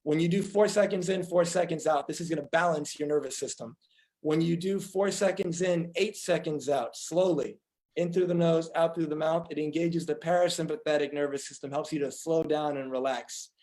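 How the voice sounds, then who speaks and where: A man's voice: fairly high pitch, steady tone, moderate pace, a little mellow, rough recording. A man, a doctor, giving a conference talk, earnestly telling patient stories and acting out their dialogue.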